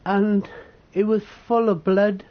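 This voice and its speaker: A man from the United Kingdom telling a painful personal story, halting, tearful and swearing as he talks. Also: sits high, flat delivery, highs cut off. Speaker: vlogger.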